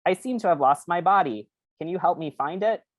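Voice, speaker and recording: An author reading aloud and putting on the squeaky, high voice of a disembodied female brain with a slightly crazed, accented manner. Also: lively intonation, a little fast, dry recording, lightly acted. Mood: pleading. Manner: put-on accent, high and breathy.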